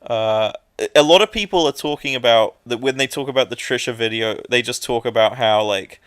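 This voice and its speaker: A man co-hosting a podcast in casual chat, talking haltingly with lots of fillers and restarts. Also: mid-range voice, fairly bright tone, clear, resonant tone, no echo, studio quality. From England. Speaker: podcast co-host.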